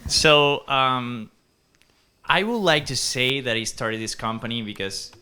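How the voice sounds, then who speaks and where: Upbeat man founder on a panel, very bright, sharp-edged voice. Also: medium pitch, lively intonation, measured pace. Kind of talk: casual panel talk. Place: event hall.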